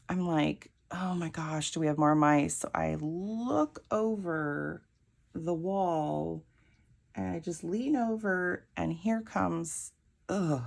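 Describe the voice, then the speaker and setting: Slow, low-voiced gravelly woman chatting. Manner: chatty, rambling, laughs often. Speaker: crafting vlogger. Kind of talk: casual storytelling while crafting.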